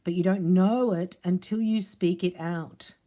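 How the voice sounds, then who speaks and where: Woman, psychic card reader, mellow, lowish voice, chatty and emphatic. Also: fairly even intonation, measured pace. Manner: chatty and emphatic, acts out little dialogues. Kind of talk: casual spiritual card reading.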